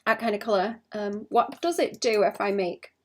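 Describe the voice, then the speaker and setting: Young woman artist live-streaming, mid-pitched, a touch of vocal fry, rambling self-talk as she works. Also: moderate pace, slight background noise. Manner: thinks out loud, rambling and self-conscious. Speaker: illustrator streaming her drawing. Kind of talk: casual livestream chat while drawing.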